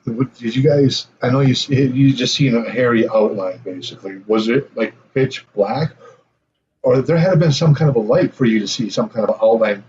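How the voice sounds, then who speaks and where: A man's voice: medium pitch, moderate pace, darkish tone. A man hosting a podcast, reacting to the guest and asking follow-up questions. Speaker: podcast host. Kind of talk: casual interview. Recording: dull lo-fi audio with faint noise.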